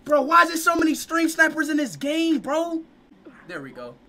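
Exasperated streamer man, high and lively. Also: moderate pace, a little hiss or hum. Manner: exasperated, swears often, sudden yelling bursts. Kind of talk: live gameplay stream, casual chat.

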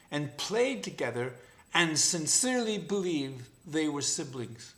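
A man narrating an animal fable in an even, unhurried storybook reading. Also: a little high.

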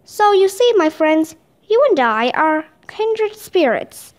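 A woman voicing a gentle, hearty old male genius who speaks kindly in a storybook reading. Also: very high-pitched, very animated, slow pace, full character voice.

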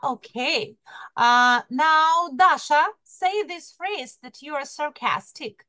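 A woman's voice: high-pitched, lively intonation, slow pace, sharp tone, no room sound. A woman teaching an English class online over a video call, coaxing her students and calling on them by name while repeating key words.

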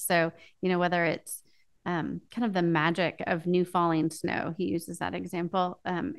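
Woman author guest, lowish gravelly voice, thinks out loud with lots of ums. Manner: thoughtful, explains ideas with many fillers. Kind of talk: casual interview chat.

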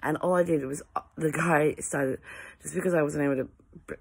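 An Australian woman ranting to camera in an exasperated way, sighing often and halting through restarts. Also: sits low, fairly even intonation, creaky, slightly rough.

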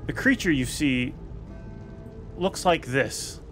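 A man's voice: on the high side, expressive, a bit bright, faint music behind. Man narrating a tabletop adventure. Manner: vivid descriptive narration, slowing down for dramatic effect. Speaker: dungeon master. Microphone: headset.

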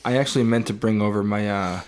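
A man co-hosting a podcast in casual chat, speaking in a measured way with frequent "uh" and "um" pauses. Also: on the low side. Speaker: podcast co-host.

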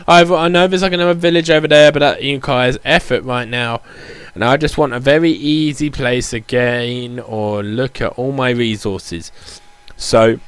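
A man with a mid-range, clean voice gives chatty, rambling commentary while playing a building game, packing his speech with "like" fillers. The recording is dry.

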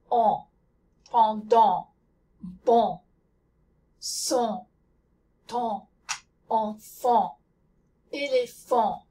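A woman's voice: medium pitch, dark tone, recorded from a distance. A woman teaching a pronunciation lesson, speaking carefully and repeating example words to demonstrate sounds. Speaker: language teacher.

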